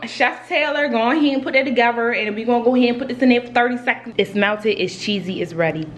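A woman's voice: medium pitch, fairly even intonation, fast talker, few pauses, slight background noise. A woman in her twenties chatting sassily to viewers in a casual food vlog. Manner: sassy, chatty, addresses viewers as y'all and boo. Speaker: vlogger.

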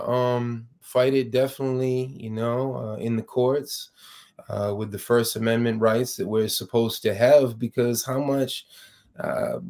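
Impassioned man, New York accent. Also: medium pitch. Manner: many restarts, rising intensity when indignant. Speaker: fired professor, guest. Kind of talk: interview, impassioned argument.

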